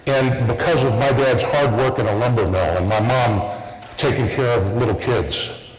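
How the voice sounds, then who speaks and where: A middle-aged man giving a commencement speech at a podium, telling stories in a folksy way with repeated starts. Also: medium pitch. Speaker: commencement speaker. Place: large hall at a graduation ceremony. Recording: echoey hall with long reverb.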